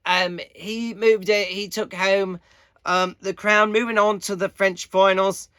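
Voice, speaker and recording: Male vlogger, casual update, slow and halting, bright tone. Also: high-pitched, level tone, clean tone, no room sound, clean studio sound. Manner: halting, many fillers, unhurried. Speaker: air guitarist giving competition updates.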